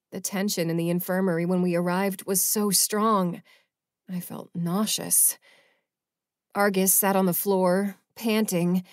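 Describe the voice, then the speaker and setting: A woman's voice: mid-range voice, dry recording. Woman narrating an audiobook, dry close sound. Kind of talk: first-person audiobook narration.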